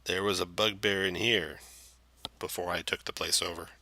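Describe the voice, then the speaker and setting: A man's voice: sits low, fairly even intonation, normal speed, bright, forceful tone, no room sound. A man voicing a male hobgoblin builder who speaks in a wary, curt way.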